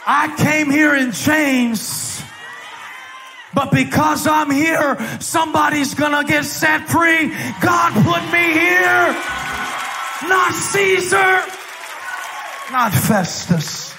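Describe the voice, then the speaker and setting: A man preaching a fiery sermon in a large church, shouting in repeated refrains. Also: very high voice, little pitch movement, takes it slowly, vocal fry, over music, crowd noise. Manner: shouting, rising intensity, repetitive refrains. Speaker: pastor.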